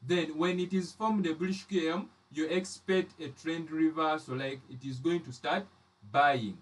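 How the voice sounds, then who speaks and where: Man, trading teacher, fairly high voice, repeats himself, distant from the mic. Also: steady tone, unhurried. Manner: explains step by step, repeats phrases. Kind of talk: live chart lesson.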